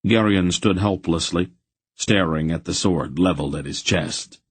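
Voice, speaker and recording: A man narrating a fantasy audiobook in a steady, even reading voice. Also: sits low, measured pace, breathy edge, no echo. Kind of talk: scripted narration.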